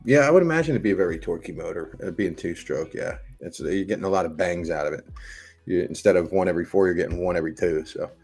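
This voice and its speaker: A man's voice: low voice, fast talker, creaky, a little mellow, breathy edge, soft background music. A man streaming live, chatting casually and rambling as he answers and reads out viewers' messages. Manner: rambling, talks to chat and reads their messages aloud.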